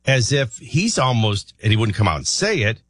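A man hosting a morning talk radio show, rambling and thinking out loud with many restarts. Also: medium pitch, very animated, moderate pace, no room sound.

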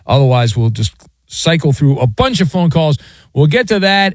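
A man hosting late-night sports radio talks in a playful, teasing way. His voice sits a little high and swings widely in pitch. The sound is dry and close in a studio. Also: animated, no echo. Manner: playful, teasing, quick ad reads. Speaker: radio show host. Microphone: studio mic.

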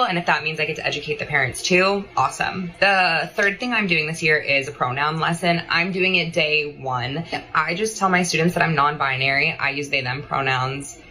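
A low-pitched speaker with a bright, forward tone talks chattily about their classroom plans. The voice sounds earnest and informal, like a clip lifted from social media. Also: female voice, poor audio. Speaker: teacher. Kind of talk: casual speech from a played clip.

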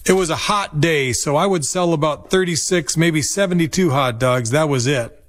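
A man's voice: on the high side, normal speed. A man in his fifties from Minnesota, reading a nostalgic personal story in a reflective manner. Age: 50s. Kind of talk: scripted personal narration.

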